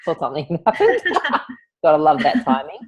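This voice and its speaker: A woman's voice: sits low, wildly swooping pitch, brisk, darkish tone, muffled recording, a little hiss or hum. A woman hosting an online event over a video call, chatty and affectionate, calling guests honey and darling.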